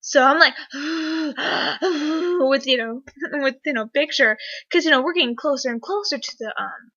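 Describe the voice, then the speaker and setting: A young woman vlogger telling a story casually, rambling and excitable, full of fillers. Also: sits high, brisk. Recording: dull lo-fi webcam audio.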